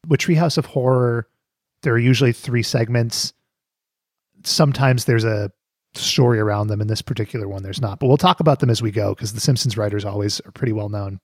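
A man's voice: medium pitch, brisk, dry recording. Dry-sounding joking podcast host man. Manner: joking, playful, laughs often. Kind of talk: casual chat.

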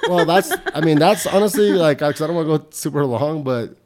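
A man's voice: fairly high pitch, lively intonation, brisk, a little mellow. A man hosting a casual podcast, laid-back and rambling, swearing as he makes his points. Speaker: podcast host.

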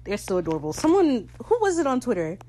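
A woman hosting a casual recap, excitable and gushing, swearing freely and switching into quick quoted voices. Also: on the high side, a little hiss or hum, rough recording. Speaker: podcast host recapping a TV episode.

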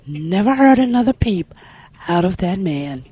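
A woman's voice: fairly low pitch, very animated, slow pace, warm tone, slightly rough, soft background music. A woman who is a flight attendant, telling an anecdote in a dry, amused way.

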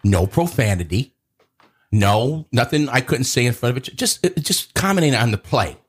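A man's voice: mid-range voice, normal speed, slightly rough. A man, telling a story in casual chat as host and acting out quotes in a raised voice. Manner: animated, acts out quotes in a raised voice.

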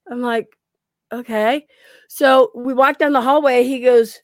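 A woman with a slightly high voice tells her ghost stories with lively energy, jumping into the voices of the people in them. She is recorded close and dry, with no room sound. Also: a little slow, dry recording. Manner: animated storyteller, acts out quotes, laughs often. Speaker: guest paranormal investigator. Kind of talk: casual podcast chat.

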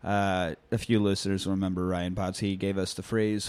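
A man's voice: low-pitched, level tone, moderate pace, a little mellow, clear, resonant tone, dry recording. Profane ranting man hosting a podcast. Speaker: podcast host. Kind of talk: casual podcast chat. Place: indoor room with friends, drinking beer.

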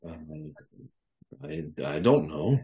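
A man voicing a frightened man caught in bed, who speaks halting, broken English. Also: a bass voice, expressive, dull audio, voice pushed down, exaggerated voice. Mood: flustered.

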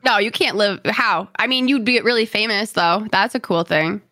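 A woman with a slight New England accent, chatting loudly and excitably as a co-host, laughing often and swearing freely. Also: mid-range voice, moderate pace, dry recording, clean studio sound. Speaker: Twitch streamer and co-host. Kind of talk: casual chat.

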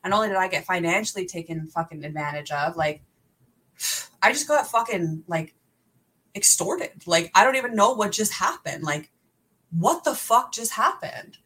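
A woman's voice: lowish voice, lively intonation, normal speed, pushed and bright, breathy edge, rough recording. A young woman, a podcast guest, telling a candid story in a profane, exasperated run-on way.

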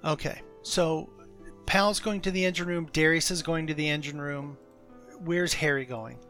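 A man running a tabletop game as game master, narrating in a relaxed, loose way with many fillers. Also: on the high side, normal speed, faint music behind.

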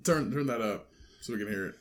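A man's voice: on the low side, quick pace. A man co-hosting a crude casual podcast, laughing often and reading a news story aloud. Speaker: podcast co-host.

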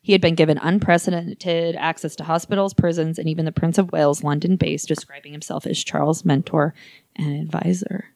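A woman's voice: low-pitched, steady tone, a little fast, creaky, darkish tone, no room sound. A woman co-hosting a podcast, telling a story in a casual, profane, joking way. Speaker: podcast co-host. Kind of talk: casual chat.

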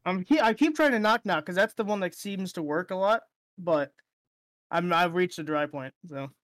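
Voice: medium pitch, moderate pace, fairly bright tone, no echo. A podcast co-host in casual chat, laughing often and restarting sentences with a stammer.

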